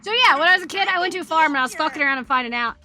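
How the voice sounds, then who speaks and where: A woman's voice: high voice, animated, very fast, pushed and bright, no echo, studio quality. A woman streamer chatting casually, telling a rambling, profane story and laughing as she greets her chat. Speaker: Twitch streamer.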